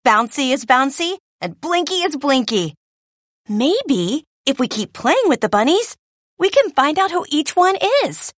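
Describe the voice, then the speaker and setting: A woman's voice: high voice, a little slow, no echo, studio quality, pitched above the performer's own voice. Woman doing an eager young penguin boy. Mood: encouraging. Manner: excited, cheering. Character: young male penguin delivery bird, eager and loyal.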